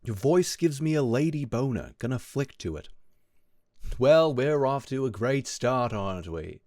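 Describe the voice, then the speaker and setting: Slow, wry British-accented male streamer. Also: mid-range voice, sing-song, a little mellow, no echo, clean studio sound. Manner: wry, teasing, meandering, frequent throat-clearing. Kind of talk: casual live-stream chat with viewers. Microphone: close desk mic.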